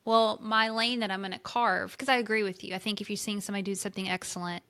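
A woman with a Southern US accent co-hosting a casual podcast, lively and emphatic with playful exclamations. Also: mid-range voice, fast. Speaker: podcast co-host.

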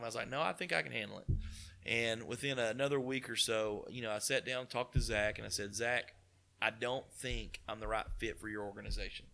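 Man, East Tennessee accent, bright forceful voice, folksy animated storyteller. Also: medium pitch, quick pace, vocal fry. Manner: folksy, animated retelling with quoted dialogue. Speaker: car dealership partner. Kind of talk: casual storytelling interview.

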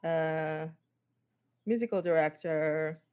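A woman with a somewhat low voice conducts a casual interview. She asks her questions hesitantly, filling the gaps with ums and restarting her sentences. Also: slow pace, darkish tone, clean tone, lo-fi sound.

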